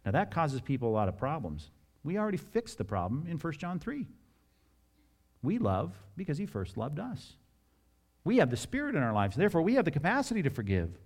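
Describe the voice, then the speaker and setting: A middle-aged man preaching a sermon in an animated, conversational way, with jokes and asides and acted-out scripture dialogue. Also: medium pitch, moderate pace. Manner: acts out scripture dialogue in varied voices. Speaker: pastor.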